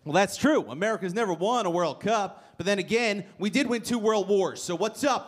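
On a comedy club stage before a live audience, a young man delivers brash stand-up, ribbing the crowd with punchy timing. His voice sits high, with lively intonation and a fairly quick pace, and the crowd can be heard in the live recording.

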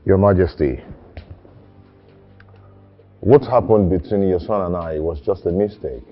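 Brief: Nigerian suitor, deep low voice, earnest, dull film audio with music. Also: male voice, unhurried. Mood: pleading. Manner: pleading then defiant. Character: determined young suitor of a princess. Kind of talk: Nollywood film acting.

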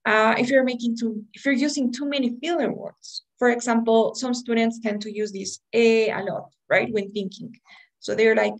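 High-voiced woman teaching a class. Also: steady tone, moderate pace, poor audio. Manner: explanatory, asks "right?" often. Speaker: English test prep teacher. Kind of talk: online class lecture.

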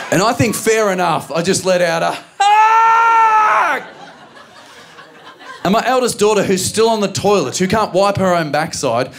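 Animated Australian stand-up comedian. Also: male voice, high-pitched, noisy background. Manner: animated storytelling, acting out voices and shouts. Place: comedy venue stage with a live audience.

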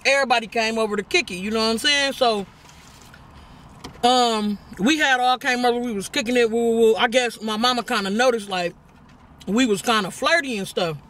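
A young woman with a bright, forceful voice tells a story in a relaxed, chatty way, calling out to her viewers as y'all and laughing along. She talks between bites of food, sounding like she is sitting in a car. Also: a little high, a little fast. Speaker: vlogger host. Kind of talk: casual storytelling while eating.

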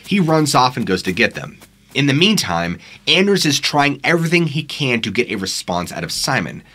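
A man's voice: mid-range voice, a bit bright, breathy edge. A man narrating scary true stories in a dramatic, suspenseful storytelling manner on a studio microphone.

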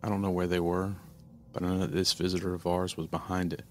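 A man narrating a first-person horror story in a steady, earnest storytelling manner. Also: low-pitched, fast, a little hiss or hum.

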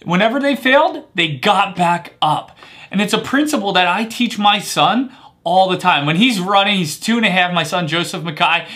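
A man in his thirties gives an upbeat motivational talk as a life coach. His voice sits high and comes across bright and forceful. He keeps checking in with the viewer with "right?". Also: normal speed. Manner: energetic, punctuates points with "right?".

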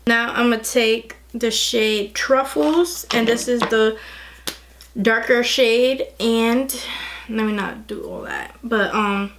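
A young woman chatting excitedly through a casual makeup tutorial, gushing over the products. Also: on the high side, creaky, slight background noise. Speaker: beauty vlogger.

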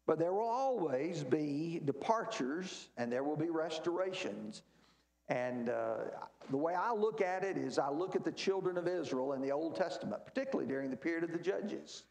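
A man leads a church Bible class in an emphatic teaching manner, often asking a question and then answering it. His voice sits high and swings widely in pitch. The sound carries the echo of a roomy church space. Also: lively intonation, normal speed, gravelly, a little mellow.

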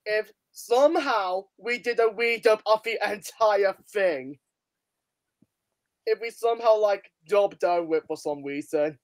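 A host in an excited reaction chat with friends, who laughs a lot and swears in disbelief. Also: medium pitch, measured pace.

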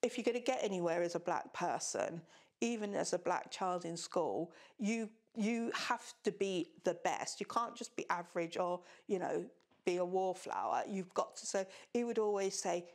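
Older woman from Jamaica, lively, amused, quotes people, documentary interview. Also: fairly low pitch, moderate pace.

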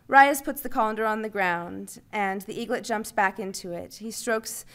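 A woman reading her short story aloud in lively, expressive narration. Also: mid-range voice, normal speed, few pauses.

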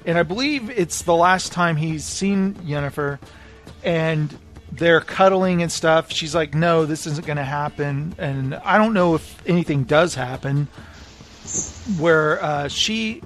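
A man co-hosting a podcast, casually recapping a book and acting out the lines in quick voices. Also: fairly high pitch, faint music behind. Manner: animated retelling with quoted voices. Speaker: podcast co-host.

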